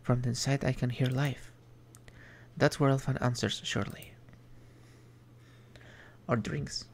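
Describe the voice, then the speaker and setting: A man streaming an indie game, reading its text aloud in a measured, reflective way with small asides. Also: mid-range voice, little pitch movement, vocal fry, slight background noise.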